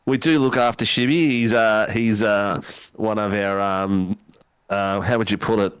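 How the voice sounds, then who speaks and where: A low-voiced man hosting a sim racing broadcast, bantering and teasing his co-hosts. He fills his talk with ums and uhs. The recording is close and dry. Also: fairly even intonation, a little slow, fairly bright tone, smooth, no room sound. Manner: joking, teasing, lots of fillers. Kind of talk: casual banter on a stream.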